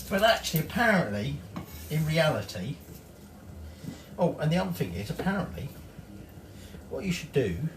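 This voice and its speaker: A man's voice: a little high, recorded from a distance, background noise. A middle-aged man with a Northern English accent, chatting his way through a cooking tutorial in his home kitchen and swearing casually. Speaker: home cook. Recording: echoey kitchen from off-mic.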